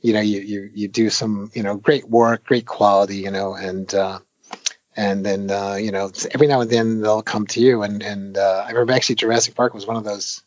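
Brisk and fairly low-pitched, this arcade game designer speaks as an interview guest in a muffled recording with no room sound. He talks casually and at length, rambling through fillers and restarts, and becomes animated while retelling stories.

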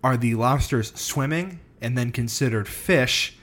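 A man's voice: mid-range voice, unhurried, a bit bright. Casual swearing man explaining history. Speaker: podcast co-host presenting a history topic. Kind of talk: casual podcast chat.

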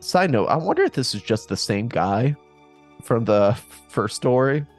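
A man's voice: mid-range voice, very animated, a little slow, faint music behind. A man hosting a podcast, reading listener stories aloud in a casual way with joking asides. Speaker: podcast host.

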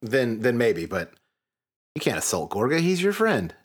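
A man's voice: mid-range voice, sing-song, moderate pace, breathy edge. A man co-hosting a comedy podcast, riffing with profane, crude jokes in casual banter. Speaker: podcast co-host.

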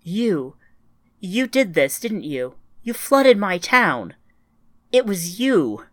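A woman's voice: fairly low pitch, a little slow, fairly bright tone, no room sound, studio quality. A woman playing a grieving older woman with grandchildren, speaking in an earnest, strained, searching way in an audiobook. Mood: resolute.

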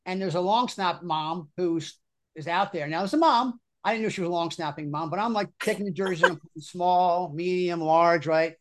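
A middle-aged man, a football coach hosting a casual chat, telling stories in an animated way and often repeating his words. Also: high-pitched, normal speed.

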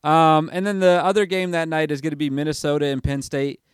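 A man's voice: fairly high pitch, flat delivery, fairly quick, clear, resonant tone, no echo, clean studio sound. A man hosting a casual sports podcast, talking in a hyper, rambling way and looking things up as he goes. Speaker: podcast host.

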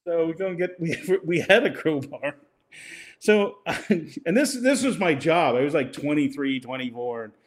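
A man's voice: a little high, animated, unhurried. An older man telling a rambling story in casual conversation, laughing often and acting out what other people said. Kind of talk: casual anecdote.

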